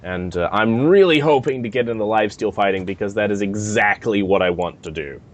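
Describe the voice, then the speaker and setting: A man's voice: fairly low pitch, fairly quick. A man co-hosting a podcast in casual chat, talking hesitantly with many fillers and restarts. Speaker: podcast co-host.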